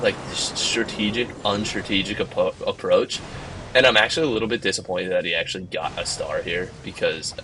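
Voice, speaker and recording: A man commentating on a video game replay in a casual, exasperated storytelling voice, full of "like" and "um". His voice sits fairly low but sounds bright and forward, with a faint noise underneath. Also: rough recording. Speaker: game channel host. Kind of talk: gameplay commentary.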